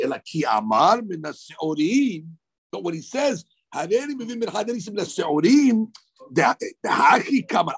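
A man's voice: high voice, vocal fry, slightly rough. A man giving a daily Talmud lecture, explaining animatedly with frequent stammered restarts. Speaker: Talmud teacher.

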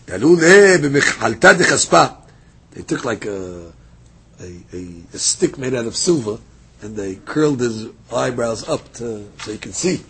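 A man teaching a daily Talmud class, reading passages aloud and retelling them as a lively story. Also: medium pitch, quick pace, husky. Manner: lively storytelling, reads Aramaic then explains in English.

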